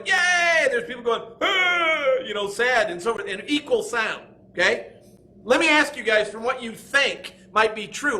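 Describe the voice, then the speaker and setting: A man teaching a Bible lesson to a class, pitched high with a bright, forceful edge. He is animated and slips into little quoted voices as he explains. The setting is a church school classroom.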